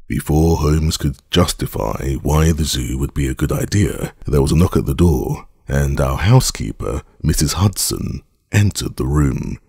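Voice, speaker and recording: Male audiobook narrator, measured and formal, very low and gravelly, dry sound. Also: animated, darkish tone, no echo.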